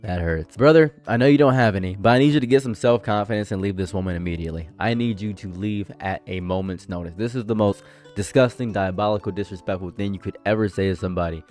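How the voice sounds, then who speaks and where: Ranting low-voiced male reaction streamer. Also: fast, soft background music. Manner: animated, ranting, swings from loud outbursts to low murmurs. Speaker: reaction streamer reading a forum story. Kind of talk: casual commentary.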